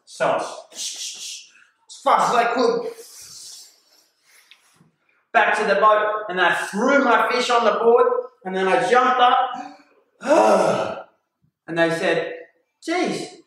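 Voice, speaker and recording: A man's voice: high-pitched, slow, long pauses. A man, a kindergarten teacher telling a story to young children and acting out gasps and voices. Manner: animated, acts out voices and gasps. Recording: echoey room from far off.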